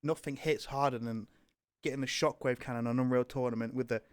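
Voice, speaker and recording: A young man with a British accent rambles through stories in casual podcast chat, his voice mid-pitched. He fills gaps with likes and ums and swears easily. The recording is dry, with no room sound. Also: steady tone, brisk, smooth, no echo. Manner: rambling storyteller, swears, lots of fillers. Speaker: podcast co-host.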